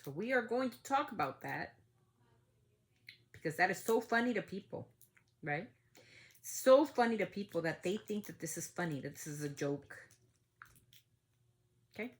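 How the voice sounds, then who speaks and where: A woman's voice: lowish voice, animated, moderate pace, long pauses. A woman hosting a family podcast, talking in a heated, outspoken way and swearing freely. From United States. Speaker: podcast host. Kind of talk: casual opinion talk.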